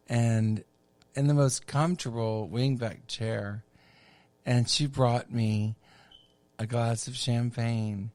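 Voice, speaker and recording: Slow, campy middle-aged male storyteller. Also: medium pitch, darkish tone, no room sound. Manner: campy, chatty, unhurried asides. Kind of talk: casual storytelling.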